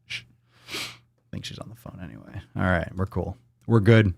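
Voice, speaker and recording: A fitness show host runs a live stream, reading out viewer posts while chatting casually and bluntly, swearing a lot, playing around, and slipping into silly voices. His lowish voice is gravelly and a little mellow, with fairly even intonation and normal speed, recorded in studio quality with no echo.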